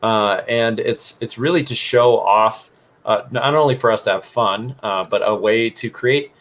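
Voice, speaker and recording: A man's voice: on the low side, measured pace, fairly bright tone. A man co-hosting a casual livestream, explaining things in a loose, rambling way with lots of fillers. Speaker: livestream co-host.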